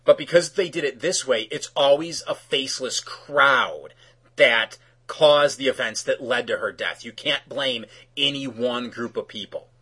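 A man hosting a casual review chat, opinionated and animated, acting out characters' lines as he talks. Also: medium pitch, breathy edge.

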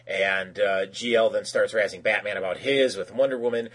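A man's voice: on the low side, steady tone, moderate pace, fairly bright tone. A man recapping a cartoon episode in casual chat, rambling with lots of fillers and restarts, and acting out quoted characters in raised voices.

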